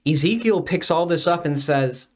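A man co-hosting a casual Bible study discussion, explaining scripture in a measured, teacherly way. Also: fairly high pitch, lively intonation.

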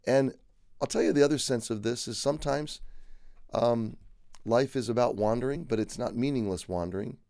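A man's voice: mid-range voice, moderate pace, a little mellow, no echo, studio quality. A male pastor giving a daily devotional Bible teaching, earnest and repeating phrases for emphasis.

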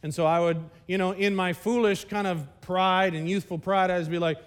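A man delivers a sermon in a lively, conversational way, breaking off to speak straight to his congregation. His voice sits high for a man. He sounds like he is preaching at a live church service. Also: moderate pace, clean tone. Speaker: pastor.

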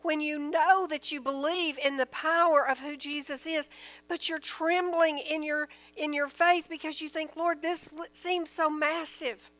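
A woman's voice: sits high, fairly even intonation, a little slow, a bit bright, low-quality recording. A woman teaching from the Bible, reading verses aloud and explaining them in earnest, plain everyday terms.

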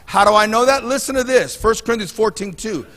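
With a high, sharp-toned voice and a fairly quick delivery, this male pastor gives a sermon full of personal stories, frequently starting over as he talks in a relaxed, conversational way. The church sanctuary lends the audio a long, hall-like reverb.

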